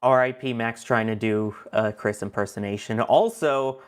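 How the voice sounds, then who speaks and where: Laughing livestream host reading chat. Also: male voice, medium pitch, fairly even intonation, normal speed. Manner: reads viewer comments aloud, laughs often.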